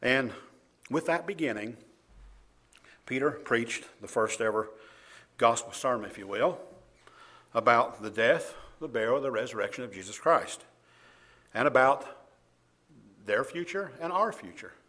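A man's voice: mid-range voice, unhurried, pauses often. A man preaching a sermon, reading scripture aloud with emphasis and chuckling often. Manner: animated, laughs often, reads verses louder.

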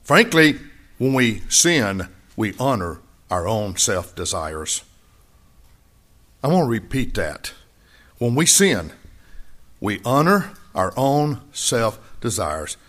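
A man preaching a sermon, repeating key phrases and swinging between loud high emphasis and quiet low asides. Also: big pitch swings, slow, long pauses. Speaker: pastor.

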